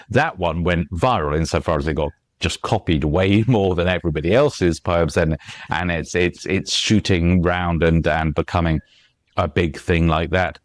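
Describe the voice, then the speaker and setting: A very low-voiced man talks in a dry, close recording as a guest on an interview podcast. He explains things with lots of "um"s and repeated starts, breaking into recited verse and sounding out beats. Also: normal speed, dry recording. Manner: explains with many fillers and restarts, recites verse and taps out rhythms. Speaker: guest author.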